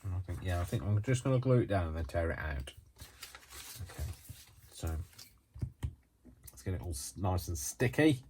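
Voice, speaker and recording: A man with a very deep voice talks casually while he crafts, wandering from thought to thought with frequent ums and false starts. He yawns now and then as he chats, and a faint hiss sits under his voice. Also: big pitch swings, normal speed, long pauses. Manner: rambling and hesitant, many ums and restarts; yawns often while talking. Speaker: craft vlogger.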